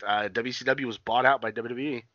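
Man, bright forceful voice, rambling profane wrestling chat, dull lo-fi recording. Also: medium pitch, steady tone, a little fast, dry recording. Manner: rambling, profane, many fillers and restarts. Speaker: podcast co-host. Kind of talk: casual wrestling recap chat. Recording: dull lo-fi sound.

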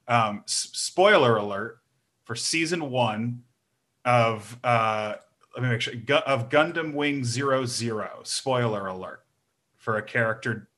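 A man's voice: mid-range voice, fairly bright tone. A young man talking casually, rambling with many fillers and restarts. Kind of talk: casual chat.

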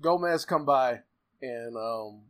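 A man's voice: mid-range voice, takes it slowly, fairly bright tone. A man co-hosting a casual podcast, swearing freely, laughing often and acting out characters' lines as he recaps a show.

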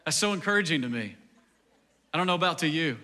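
A man's voice: on the high side, expressive, fast, bright, forceful tone. A man pastor preaching a sermon in a conversational style, acting out quoted dialogue and building to a fervent climax. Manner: frequent "like" fillers.

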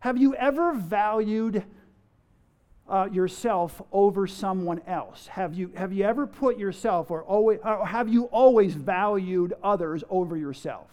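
Man preaching through rapid rhetorical questions. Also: high voice, lively intonation, dark tone. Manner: fires rhetorical questions at the audience; playful, acts out everyday quotes, chuckles. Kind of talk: sermon.

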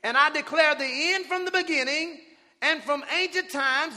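Male preacher, high and forceful, shouting call-and-response lines, long reverb from the church hall. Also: moderate pace. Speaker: pastor. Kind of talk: sermon. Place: church sanctuary with congregation.

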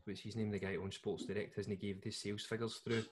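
Scottish guy rambling and joking on a podcast, bit low pitched. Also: level tone, fast, background noise. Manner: jokey, rambling with restarts. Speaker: podcast co-host. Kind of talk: casual chat.

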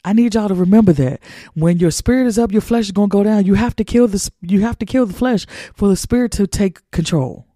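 A man's voice: sits high, a little fast, mellow, dry recording, studio quality. A man hosting a podcast, preaching a monologue in an emphatic, colloquial, repetitive cadence. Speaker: podcast host.

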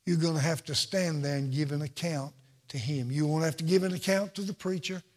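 High-voiced man preaching in an echoey hall. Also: brisk. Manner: emphatic, repetitive preaching cadence. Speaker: pastor. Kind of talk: sermon.

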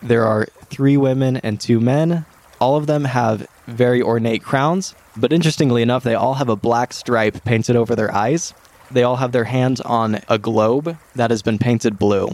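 A man's voice: mid-range voice, normal speed, darkish tone. A young man runs a tabletop game as dungeon master, painting scenes with vivid detail. His voice sits in an ordinary middle range, and he laughs easily between descriptions.

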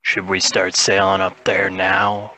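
A man's voice: deep voice, monotone, a little slow, sharp tone, no echo, rough recording. A man playing a tabletop role-playing game, arguing stubbornly in character. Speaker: player. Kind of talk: tabletop role-play banter.

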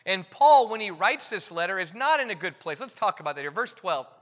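A man with a high, sharp-edged voice preaches in a relaxed, conversational way, candid and poking fun at himself. The sound rings with the long reverb of a big hall. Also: fairly quick. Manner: candid, self-deprecating, animated storytelling. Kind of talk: conversational sermon.

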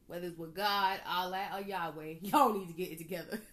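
A woman in her thirties from Georgia hosting a casual solo podcast, chatty and animated, laughing often. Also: lowish voice, a little fast. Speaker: podcast host.

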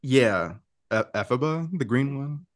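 A man co-hosting a casual pop culture podcast, talking in an animated, gossipy way with quick asides and laughs. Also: mid-range voice, no room sound, clean studio sound. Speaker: podcast co-host.

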